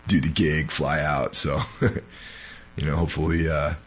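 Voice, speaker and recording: A very deep, breathy-edged male voice delivers flat lines at normal speed. He's a podcast host who is still sick and weak, chatting loosely and filling his rambling talk with fillers.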